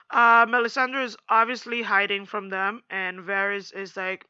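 A young woman chatting casually in a slangy, animated recap, acting out quotes as she goes. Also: on the high side, moderate pace, smooth, no room sound, dull audio.

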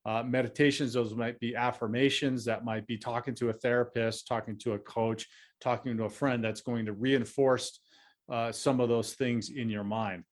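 A man's voice: mid-range voice, fairly even intonation, moderate pace. A man hosting an advice podcast, speaking earnestly and reassuringly, with many fillers and restarts. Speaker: podcast host.

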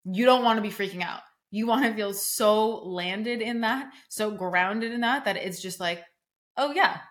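A woman's voice: medium pitch, moderate pace. A young adult woman hosting her own podcast as a coach, talking casually and emphatically with many "like" fillers. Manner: casual, emphatic, fillers like "like", acts out quoted reactions. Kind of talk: solo podcast talk.

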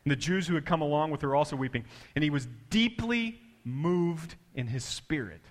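A man preaching a sermon in a fairly high voice, swinging his pitch and loudness as he tells the story. He drops to a hush for quoted words, then builds back up, repeating phrases for emphasis in a church hall. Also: expressive, moderate pace. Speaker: pastor.

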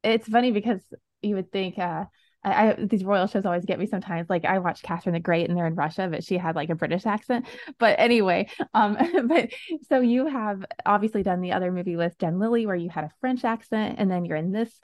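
A woman hosts a casual podcast chat, bubbly and quick to giggle, her questions full of "like" and "um". Her mid-range voice is recorded dry and close with no room sound. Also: mid-range voice, darkish tone, no room sound. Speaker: podcast host.

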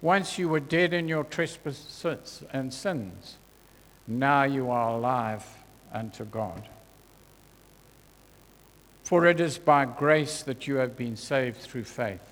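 A man preaching a sermon in a church, earnest and deliberate, his voice dropping soft when he quotes scripture. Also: medium pitch. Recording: long hall reverb.

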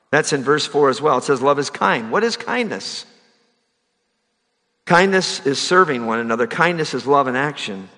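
A man's bright, slightly high voice preaches a sermon, pushing up into loud, emphatic runs and then dropping low and soft. The long reverb of a big hall trails behind every line. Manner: builds to loud, high-pitched emphatic preaching, drops soft for key lines. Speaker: pastor.

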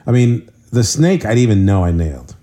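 A middle-aged married man chatting casually on a podcast, rambling through stories and leaping up in pitch when he quotes others. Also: very animated, brisk, mellow. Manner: rambling storyteller, jumps pitch for quoted voices. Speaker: podcast co-host. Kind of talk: casual chat.

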